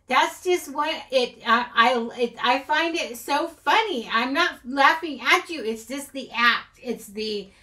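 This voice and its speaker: A woman's voice: high voice, bright, forceful tone. Giggly, rambling woman vlogger. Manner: rambling, giggly, self-deprecating. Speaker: craft channel host. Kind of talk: casual haul vlog chat.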